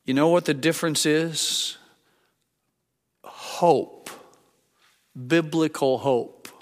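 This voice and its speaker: An older man preaching a sermon as a pastor, conversational and halting, with frequent restarts. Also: fairly high pitch. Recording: long hall reverb.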